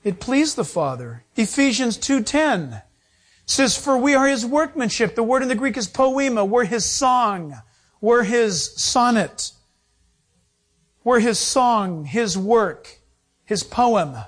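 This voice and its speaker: A man's voice: extremely high pitch, expressive, slow pace. A middle-aged male pastor preaching a sermon, acting out quotes and laughing as he goes.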